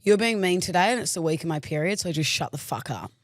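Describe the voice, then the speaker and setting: A woman's voice: lowish voice, animated, fast talker, no room sound, studio quality. A woman, co-hosting a podcast and teasing her co-host bluntly, with plenty of swearing. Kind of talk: casual chat.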